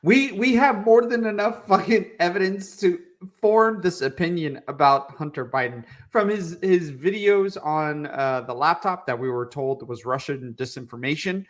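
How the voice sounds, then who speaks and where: A man's voice: a little high, normal speed, hardly any pauses. A young man co-hosting a political podcast, ranting in a heated, profane way. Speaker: podcast co-host.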